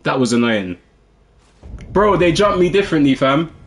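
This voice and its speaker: Excitable man commenting on gameplay. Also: fairly high pitch, moderate pace. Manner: excitable, trash-talking, with sudden drops to muttering. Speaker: gaming video host.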